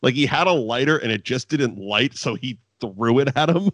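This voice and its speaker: A man recaps old wrestling shows in loose, swearing chat, laughing as he rambles. His pitch swings widely from low mutters to high yelps. The sound is dry and close. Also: expressive, moderate pace, hardly any pauses, a bit bright, no room sound. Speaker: podcast co-host.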